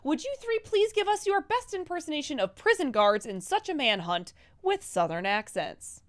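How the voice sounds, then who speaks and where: A woman's voice: sits high, normal speed. A woman co-hosting a casual livestream chat, reading out viewer messages and questions. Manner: lively, reads donor messages.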